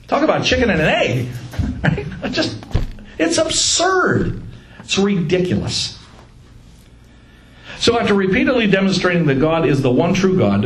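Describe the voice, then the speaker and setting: A man leads a casual Bible study, joking with his group. His voice sits a little high and swings widely in pitch. The room is echoey, with a faint hum of ambience behind him. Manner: joking, animated, laughs at own lines.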